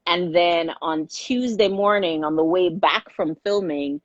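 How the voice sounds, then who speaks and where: A middle-aged woman with a low voice talks in a relaxed interview as a filmmaker guest. She tells her story with energy and often restarts mid-sentence. The recording is slightly muffled and dry. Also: measured pace, dry recording. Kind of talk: casual interview conversation.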